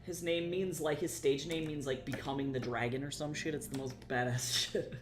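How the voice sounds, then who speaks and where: Young adult streamer, casual live chat, rambling, casual swearing, middle pitch, faint music behind. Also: steady tone, moderate pace.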